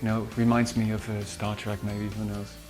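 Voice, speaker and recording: A man with a Dutch accent, a musician recalling studio sessions in a halting way with many fillers. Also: lowish voice, monotone, a little mellow, faint music behind. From Netherlands. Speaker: musician and producer. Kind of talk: behind-the-scenes recollection.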